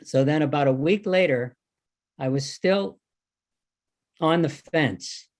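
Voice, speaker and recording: A man's voice: a little high, slow pace. An older man telling a story at a reunion gathering, animating the exchanges he recalls. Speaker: devotee recalling service. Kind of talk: anecdotal talk at a reunion.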